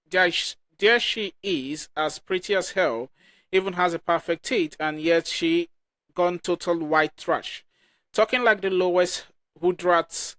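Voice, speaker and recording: A man's voice: high-pitched, fairly bright tone, no room sound, clean studio sound. A man hosting a reaction channel who reads viewer comments aloud, often stumbling and restarting lines. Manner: halting reading with restarts.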